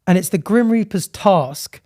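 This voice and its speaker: Male podcast co-host, high-pitched, playful and giggly, casual banter. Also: animated, a little slow, a little mellow. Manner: playful, laughs often, acts out little voices. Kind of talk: casual comedic chat. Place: studio on a high floor.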